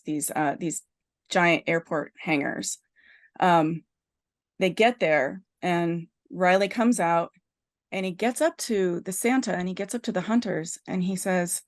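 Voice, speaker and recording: Animated woman host retelling a film plot. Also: on the low side. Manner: animated storyteller, heavy use of "like" and restarts. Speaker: podcast host. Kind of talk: casual podcast chat retelling a film plot.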